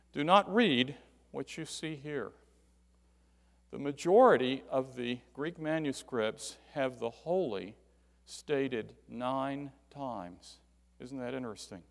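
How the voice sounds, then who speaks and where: A man's voice: mid-range voice, creaky. A man preaching a sermon, emphatic, rising and falling sharply to stress key words. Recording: hall reverb.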